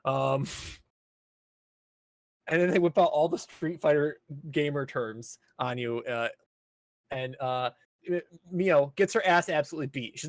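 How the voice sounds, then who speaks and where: A man's voice: fairly high pitch, normal speed, no echo. A man co-hosting a casual podcast, animatedly recapping an anime episode, acting out the characters' lines and swearing freely. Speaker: podcast co-host.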